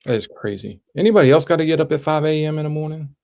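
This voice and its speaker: A man's voice: a little high, expressive, rapid-fire, darkish tone. A man joining a casual late-night live stream as a guest, bantering playfully and poking fun at himself. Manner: playful, self-mocking banter.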